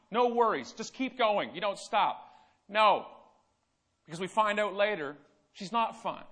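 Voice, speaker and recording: A high-pitched man, speaking as a keynote storyteller. He tells a personal story from the stage, dropping to near-quiet and then pushing loud and urgent.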